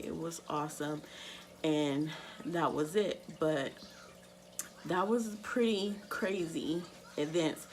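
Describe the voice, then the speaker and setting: A young woman with a low voice recounts a personal story straight to camera, loose and candid, peppering her sentences with "like." A faint hum of room noise sits behind her. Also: poor audio. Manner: candid, many fillers like "like". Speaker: vlogger.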